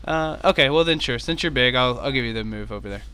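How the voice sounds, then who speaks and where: A man's voice: medium pitch, quick pace, sharp tone, clear, resonant tone. A young man in a casual, rambling way running an online tabletop game as game master, laughing often.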